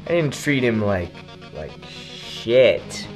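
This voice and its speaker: A young man in a mock interview, halting and petty, stumbling over his words, with guitar music behind. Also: fairly low pitch, big pitch swings. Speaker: interviewee in a comedy sketch.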